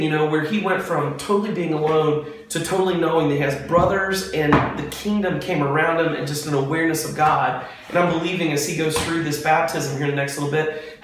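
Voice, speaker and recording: Earnest pastor talking in an echoey space. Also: male voice, a little high, a little hiss or hum. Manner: earnest and excited, preacherly. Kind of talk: casual devotional vlog. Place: on a front porch.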